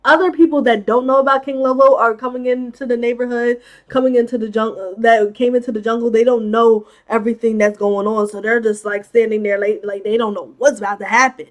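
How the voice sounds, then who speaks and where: High-voiced woman recapping a movie. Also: steady tone, brisk. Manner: chatty, heavy use of "like", exclaims in disbelief. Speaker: movie commentator. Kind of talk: casual plot recap commentary.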